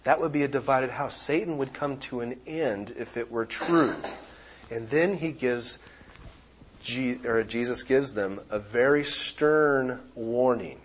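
A man preaching a sermon as pastor, explaining scripture in a measured way and breaking into loud exclamations. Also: medium pitch, highs cut off, slight background noise. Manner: animated, shifting from quiet explanation to loud exclamations.

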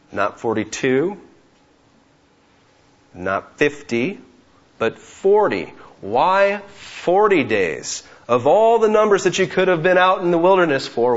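A man's voice: fairly high pitch, dull audio. A man preaching an expository sermon, who keeps asking rhetorical questions and acts out the voices of the people in the story.

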